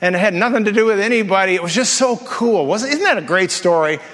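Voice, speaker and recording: A man's voice: high voice, animated, fairly bright tone, long reverb tail. A male pastor preaching a sermon with humorous storytelling and playful asides. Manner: jokey storytelling, quick asides and self-repeats.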